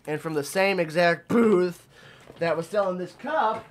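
A man's voice: high voice, measured pace. A young man from Arkansas, out of breath, chatting casually and rambling through a vlog about his convention haul. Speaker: vlogger.

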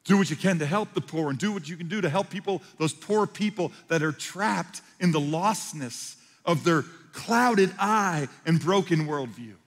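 A male pastor delivers a sermon with a voice pitched a little high, dropping to a hush and then rising to loud, emphatic appeals. His words ring out with a long reverb, as in a large church hall. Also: expressive, moderate pace, few pauses. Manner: swings from hushed to loud, emphatic preaching.

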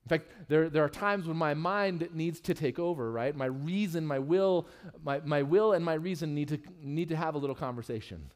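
A man's voice: normal speed, hardly any pauses. Candid, joking male pastor preaching. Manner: candid and humorous, with lively swings in pitch and loudness. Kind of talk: sermon. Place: church sanctuary.

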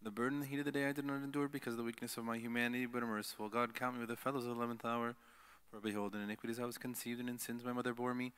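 Male liturgy leader, bright clear tone, steady recited cadence. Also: mid-range voice, very fast. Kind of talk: liturgical prayer reading.

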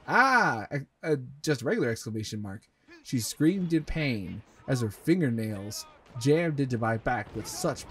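A man with an English accent hosts a comedic reading of fan fiction, often laughing and stumbling through halting asides. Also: medium pitch, a little mellow, breathy edge. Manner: breaks into laughter, halting asides full of fillers. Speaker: host reading a fanfic aloud. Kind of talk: comedic dramatic reading with commentary.

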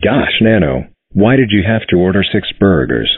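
A man's synthetic voice playing a stern, flat-sounding cartoon father who scolds his child. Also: low-pitched, moderate pace, breathy edge, no room sound, narrow, tinny audio, exaggerated voice. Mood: scolding. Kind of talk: text-to-speech cartoon dialogue.

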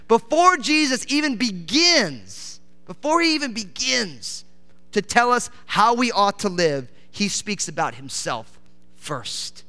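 A man's voice: extremely high pitch, very animated, a little slow, clean tone. Passionate male pastor preaching in a reverberant hall. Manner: passionate, emphatic preaching with swings from loud to hushed. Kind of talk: sermon. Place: church sanctuary.

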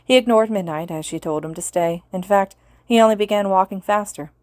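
A woman reading fan fiction aloud as an audiobook narrator, in an earnest, steady way. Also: mid-range voice, fairly quick, dry recording. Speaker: podfic reader.

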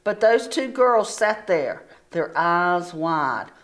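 A woman teacher reading a storybook aloud to children, slow and deliberate. She tells the story expressively and pauses to ask the listeners questions. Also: lowish voice, very animated, a bit bright.

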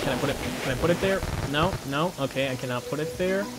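A man hosting a gaming channel, giving casual gameplay commentary in an excitable, flustered, self-mocking way as he talks to his viewers. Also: a little high, fast talker, over loud music.

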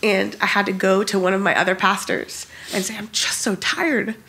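A woman's voice: mid-range voice, steady tone, normal speed, creaky, sharp tone. A woman, a pastor, speaking earnestly and openly about her struggles in a casual podcast chat.

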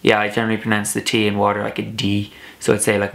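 A young man from Ireland with a soft, slightly Americanized Irish accent, chatting casually on his vlog with lots of uhs and ums. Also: fairly low pitch, completely flat delivery, rapid-fire, gravelly, few pauses. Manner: rambling, many filler uhs and ums. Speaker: vlogger. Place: home room, dog snoring behind.

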